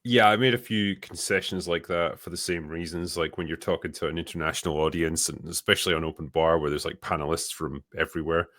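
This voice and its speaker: A man with a softened Scottish accent talks in a casual, blunt way, dropping the odd swear word. His voice sits low. The sound is dry and close to the mic. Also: fairly even intonation, fast, few pauses, no echo. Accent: mild Scottish. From Scotland. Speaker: show host reading superchats. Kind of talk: casual chat.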